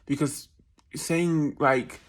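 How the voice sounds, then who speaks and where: This New Jersey man vlogs about his travels, his slightly high voice steady in tone and his words drawn out. His storytelling is laid-back and self-deprecating, full of laughter and impressions of other people.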